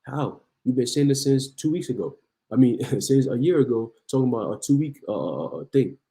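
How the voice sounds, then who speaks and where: A man's voice: medium pitch, animated, moderate pace, mellow, rough recording. A man preaching in heated commentary on the news, reading articles aloud and then ranting. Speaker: online preacher.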